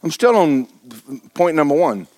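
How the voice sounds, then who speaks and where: A man, preaching a folksy, joking sermon that often jumps high in pitch for emphasis. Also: big pitch swings, unhurried, darkish tone. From Florida. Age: 70s. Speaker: pastor.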